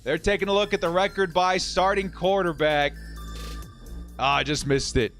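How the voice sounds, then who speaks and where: Calling plays and reading out donations, a man in his thirties with a high pitch hosts a live fan watch stream full of excited commentary and chat reading. His energy is exuberant, with occasional shouts, a moderate pace, and soft music behind him.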